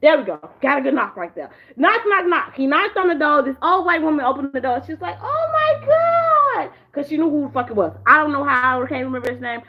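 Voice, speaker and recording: Sitting in a chair at home, a young woman vlogger reviews shows she watched in a casual, profane chat. She talks fast and high with few pauses, swears a lot, and acts out characters in animated squeals. The recording sounds muffled.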